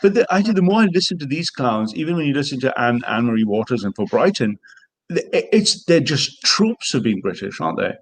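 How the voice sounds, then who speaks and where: A man's voice: mid-range voice, very animated, a little fast. A man hosting a podcast, talking in heated, sarcastic casual commentary and swearing often. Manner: sarcastic, swearing, mocking impressions. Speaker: podcast host.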